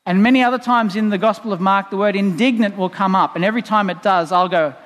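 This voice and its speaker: High-voiced pastor preaching in a reverberant church. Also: male voice, fast talker, fairly bright tone. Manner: conversational, playful asides, explanatory. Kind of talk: sermon. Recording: long reverb in a church hall.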